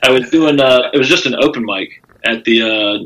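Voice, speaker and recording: Telling a rowdy stand-up story casually on a podcast, this comedian uses a bright, forceful, mid-range voice at normal speed and swears freely. He acts out other people's quotes by pushing his voice up and louder, keeping an animated, chatty rhythm heavy with fillers. The recording is rough.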